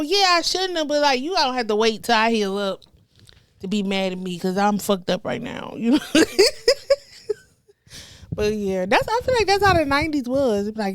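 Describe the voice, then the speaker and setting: A woman, telling wild stories as a comedian guest, animated and profane, acting out the people she quotes. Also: a little high, smooth, no echo, studio quality. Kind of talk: casual storytelling chat.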